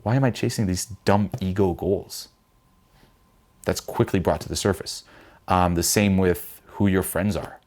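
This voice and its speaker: A young man giving blunt, profane self-help advice, mimicking panicked voices in a higher pitch. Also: steady tone, unhurried, a little mellow. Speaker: vlogger giving life advice. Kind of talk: direct-to-camera self-help talk.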